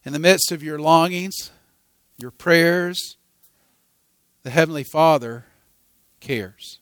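A male preacher telling a sermon story, his voice sitting high for a man. He swings from hushed passages to loud, dramatic ones. The recording is dry and close, with no room sound. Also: slow pace, clean tone, no room sound.

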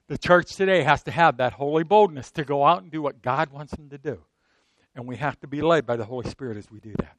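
A middle-aged man preaching a sermon in a conversational way, swinging from loud emphatic bursts to soft asides and asking his listeners frequent rhetorical questions. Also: mid-range voice, brisk, no echo. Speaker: pastor.

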